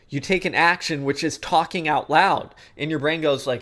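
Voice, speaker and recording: A man's voice: a little high, steady tone, normal speed, few pauses, fairly bright tone. A man coaching athletes in an instructional talk, explaining ideas conversationally and checking in with the listener often. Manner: conversational, checks in with frequent "okay?" and "guess what?"; acts out inner thoughts in quoted asides. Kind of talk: instructional talk on sports psychology.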